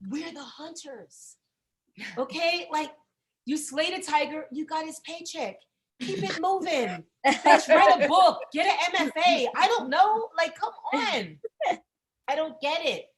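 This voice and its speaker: A woman in her forties doing a profane, chatty stand-up set that bursts into loud exasperated rants. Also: high voice, expressive, measured pace. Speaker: stand-up comedian.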